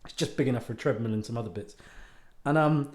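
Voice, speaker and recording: The voice is medium-pitched and darkish in tone, moving at a quick pace, and the room echoes. It's a British podcast host and author in a casual ranting monologue, rambling, self-deprecating and freely profane.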